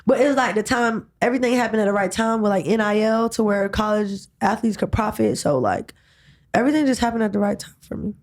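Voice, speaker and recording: A young woman telling stories in a relaxed interview, slangy and animated, often asking "you know what I'm saying". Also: medium pitch, fast talker. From United States. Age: young adult. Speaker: guest, college athlete and rapper. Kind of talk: casual interview chat.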